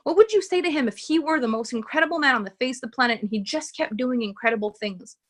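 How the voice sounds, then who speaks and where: A relationship coach runs a live coaching session, reading viewer comments aloud. She speaks fast in an earnest, emphatic way with a higher, slightly bright voice, repeating key phrases.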